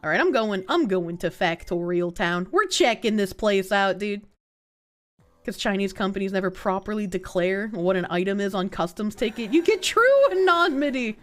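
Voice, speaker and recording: A young woman livestreaming a game talks in an animated, mid-range voice at normal speed. She's casual and crude with her viewers, joking with chat while she plays.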